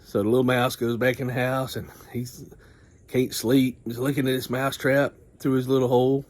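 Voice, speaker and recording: A man casually retelling a folksy farm story in a rambling way, often clearing his throat. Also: mid-range voice, flat delivery, moderate pace.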